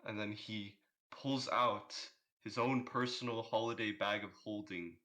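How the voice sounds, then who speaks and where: A man narrating a holiday tabletop game as game master, describing the scenes in a relaxed way. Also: on the low side, unhurried.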